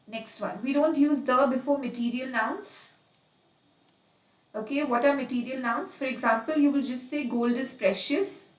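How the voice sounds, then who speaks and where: A woman teaching a live online grammar lesson. She explains each rule slowly, repeats examples and checks on students by name. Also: fairly high pitch, roomy sound, recorded from a distance, highs cut off.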